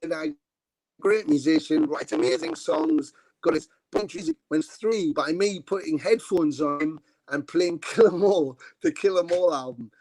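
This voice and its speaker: Man, middle-aged, guest musician, rambling anecdotes, swears casually, slightly high voice, video call. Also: animated, moderate pace, vocal fry, a little mellow, no room sound. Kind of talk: casual interview storytelling.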